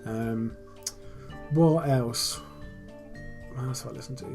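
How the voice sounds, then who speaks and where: A man talks casually on a podcast, his humour dry and teasing. His voice holds a middle pitch, with faint music under it. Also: slow, vocal fry. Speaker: podcast co-host. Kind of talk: casual chat.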